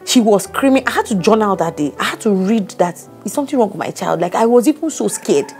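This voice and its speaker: A woman, co-hosting a casual chat and telling a story with lively acted-out quotes. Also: mid-range voice, fast, faint music behind. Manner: animated storytelling, acts out quotes. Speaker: podcast co-host.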